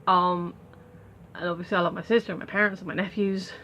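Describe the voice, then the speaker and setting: A woman's voice: fairly low pitch, fairly even intonation, fast, pushed and bright, slight background noise. A British woman vlogging to camera in a casual, rambling way, full of ums and restarts.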